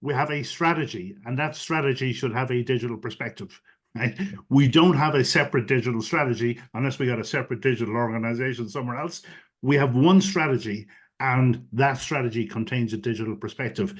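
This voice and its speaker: A man's voice: mid-range voice, a little fast. Man explaining at length on a webinar. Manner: fluent, many "you know" fillers, explanatory. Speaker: guest expert on digital strategy. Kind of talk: webinar interview answers. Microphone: video call.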